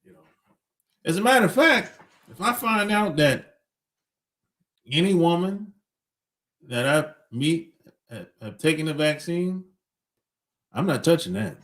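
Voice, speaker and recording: A man's voice: a little high, lively intonation, a little slow, long pauses, a bit bright. A middle-aged man hosting a podcast, talking bluntly in a casual opinionated monologue, chuckling between points. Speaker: podcast host.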